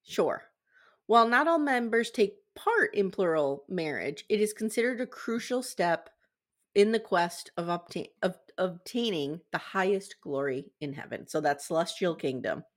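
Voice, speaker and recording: A woman's voice: fairly low pitch, lively intonation, normal speed. A woman co-hosting a casual podcast, reading research notes aloud and stumbling over words now and then. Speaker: podcast co-host.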